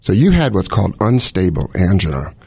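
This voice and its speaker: A man's voice: low voice, big pitch swings, fairly quick, creaky, a little mellow, breathy edge, no echo. A middle-aged man, a cardiologist, explaining heart conditions in casual chat with analogies and quoted scenarios. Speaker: cardiologist host.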